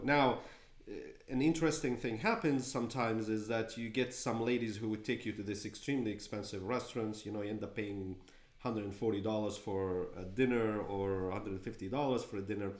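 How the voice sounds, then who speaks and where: A man's voice: lowish voice, moderate pace. Hesitant man answering questions. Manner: hesitant, many fillers, animated bursts. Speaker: client. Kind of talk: casual answers in a Q&A. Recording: echoey room.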